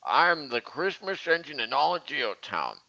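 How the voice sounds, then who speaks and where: A man's voice: on the high side, sing-song, a little slow, gravelly, sharp tone, no echo, muffled recording, full character voice. A man voicing a kindly old male Christmas steam engine with a put-on American Southern accent, in a folksy storybook way. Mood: friendly.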